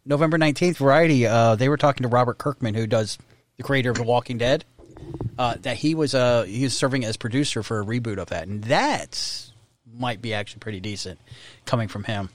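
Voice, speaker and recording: A man's voice: medium pitch, brisk, a little hiss or hum. A man in casual movie chat who rambles through trivia with many fillers.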